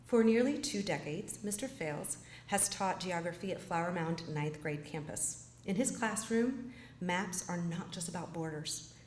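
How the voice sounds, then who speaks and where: Low-voiced woman reading a formal introduction. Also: animated, darkish tone. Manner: measured and formal. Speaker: presenter introducing the speaker. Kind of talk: scripted introduction. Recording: echoey hall with faint noise.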